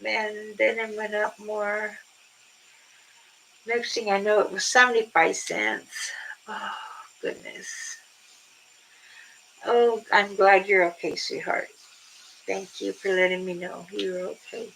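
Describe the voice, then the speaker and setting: A woman's voice: mid-range voice, flat delivery, slow, gravelly, long pauses, a bit bright, slight background noise, poor audio. An older woman chatting casually with viewers on a livestream, telling rambling stories and laughing often. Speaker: livestream host.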